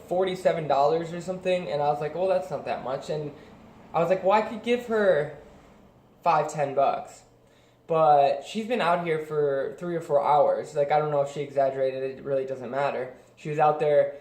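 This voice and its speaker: Young guy rambling through a story, lots of likes and ums, slightly high voice, echoey room. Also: a little mellow, slight background noise. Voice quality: rambling, many fillers and restarts. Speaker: vlogger. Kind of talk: casual storytelling.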